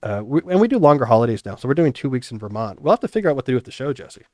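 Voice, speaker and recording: A man's voice: medium pitch, very fast, no room sound. Casual middle-aged man hosting a podcast. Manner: relaxed, reflective, thinking aloud. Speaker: podcast host. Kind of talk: casual chat.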